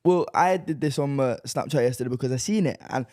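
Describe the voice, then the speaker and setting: A man's voice: mid-range voice, fast talker, darkish tone, dry recording. Male co-host, casual slang, dry close recording. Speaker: podcast co-host. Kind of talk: casual chat.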